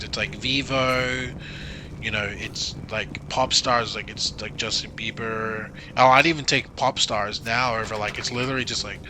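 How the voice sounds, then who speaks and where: A man's voice: medium pitch, background noise. A young Australian man from Queensland, chatting casually and rambling with sarcastic asides while playing a game. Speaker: gaming streamer. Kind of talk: casual chat over gameplay. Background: game music.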